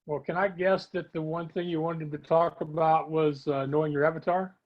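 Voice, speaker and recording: A man's voice: on the high side, fairly even intonation, brisk. Man talking over dull lo-fi audio. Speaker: podcast host. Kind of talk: casual interview chat.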